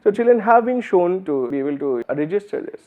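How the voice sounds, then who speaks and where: Male lecturer with an Indian English accent, slightly high voice, explanatory and full of fillers; narrow, phone-like recording. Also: lively intonation, a little fast. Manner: explanatory, uses many fillers and restarts. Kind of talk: university lecture.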